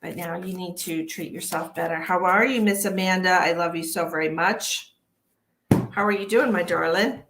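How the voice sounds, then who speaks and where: A woman's voice: fairly low pitch, moderate pace, background noise. A woman hosting a casual psychic livestream from home, chatty and tired, greeting viewers by name and swearing freely. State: tired from early work hours. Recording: echoey room.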